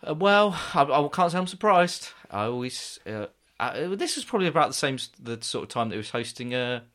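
A man's voice: mid-range voice, very animated, fairly quick, a bit bright. A man co-hosting a comedy podcast, dry and bemused, playing the skeptic. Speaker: podcast co-host.

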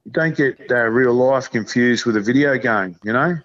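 An Australian man talks in a relaxed, rambling way, peppering his stories with blokey slang. His pitch sits in the middle range for a man. The recording sounds dull and lo-fi. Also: normal speed. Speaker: podcast guest. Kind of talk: casual chat.

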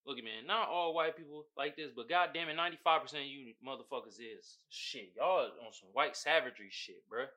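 A man's voice: mid-range voice, a little fast, hardly any pauses, bright, forceful tone. A young man hosting his own podcast, venting bluntly and profanely in casual talk. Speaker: podcast host. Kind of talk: casual solo podcast rant.

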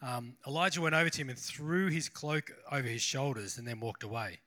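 Guy pastor preaching, bright punchy voice, rambly and self-deprecating. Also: mid-range voice, a little fast, hardly any pauses. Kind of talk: casual sermon.

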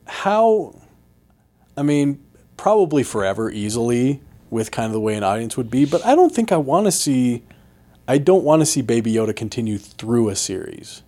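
Man, mid pitch, animated, emphatic, opinionated, casual chat. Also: moderate pace. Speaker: podcast co-host.

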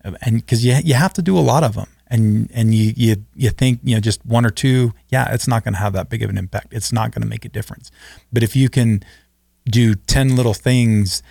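A man co-hosting a business podcast, talking earnestly with halting restarts. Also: mid-range voice, vocal fry, mellow, dry recording. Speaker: podcast co-host. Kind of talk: casual podcast chat.

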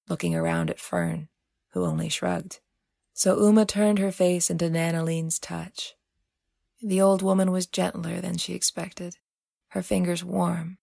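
A woman reads her own tale in soft, measured storybook narration. Her low voice is gravelly and husky, recorded close and dry. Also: no room sound. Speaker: author and narrator.

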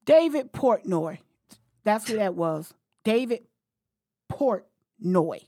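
A woman's voice: medium pitch, animated, slow, pauses often, warm tone, dry recording, studio quality. A woman hosting a podcast, talking bluntly and heatedly, with frequent profanity. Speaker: podcast host. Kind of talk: casual podcast chat.

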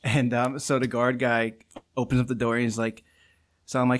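A man's voice: mid-range voice, fairly even intonation, brisk. A man co-hosting a podcast, telling a rambling story and laughing often as he talks. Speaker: podcast co-host. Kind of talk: casual podcast chat.

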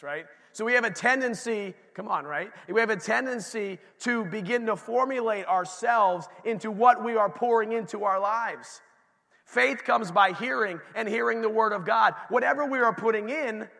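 A man with a high-sitting, creaky, bright voice and a forceful tone preaches a sermon in a church sanctuary. He tells stories conversationally, tossing asides to the congregation, and the recording carries the long reverb of a church hall.

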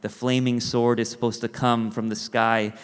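A man's voice: mid-range voice, little pitch movement, normal speed, smooth. Man preaching in an echoing hall. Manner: conversational, with acted quotes and rhetorical asides. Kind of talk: sermon.

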